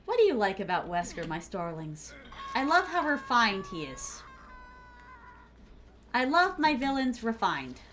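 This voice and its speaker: Her voice is fairly high and fairly bright, swinging widely in pitch, with an unhurried pace and long pauses, over a little hiss or hum. She is a young Southern woman with a Southern accent, livestreaming a game and teasing viewers playfully, using pet names for them.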